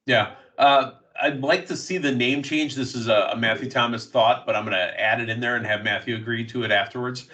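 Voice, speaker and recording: Bright-voiced man hosting a wrestling podcast. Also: medium pitch, steady tone, recorded from a distance. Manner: recaps matches in quick play-by-play bursts. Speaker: podcast host. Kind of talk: casual wrestling news chat.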